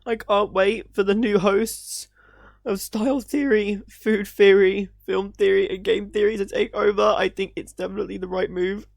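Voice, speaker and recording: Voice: medium pitch, fairly even intonation, moderate pace, vocal fry, no echo. Teary, earnest creator in a dry room. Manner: earnest, gushing, stumbling over words. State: teary, emotional. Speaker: YouTube creator reacting to a video. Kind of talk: emotional reaction and tribute.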